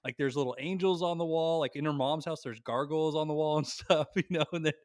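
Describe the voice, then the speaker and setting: A young man on a podcast, telling a long family story in a lively, animated way and swearing freely. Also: fairly high pitch, quick pace, no echo, studio quality. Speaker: podcast co-host. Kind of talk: casual storytelling chat.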